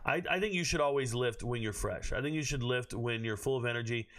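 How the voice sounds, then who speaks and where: A man hosting a live stream from his home on his own microphone, talking bluntly with plenty of swearing and sudden bursts of shouting. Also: medium pitch, brisk. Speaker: host of a draft watch party stream. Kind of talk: casual live-stream commentary.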